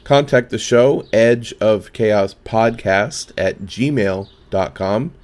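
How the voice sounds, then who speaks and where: A man's voice: on the low side, slow, darkish tone. A man co-hosting a political podcast, joking in banter and reading the show's contact plugs. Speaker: podcast co-host. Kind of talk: casual political podcast chat.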